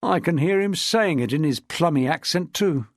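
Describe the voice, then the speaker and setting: A man voicing a gruff, blunt middle-aged police detective in an audiobook. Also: on the high side, lively intonation, moderate pace, dry recording. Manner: blunt, dry, growling. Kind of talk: audiobook character voice.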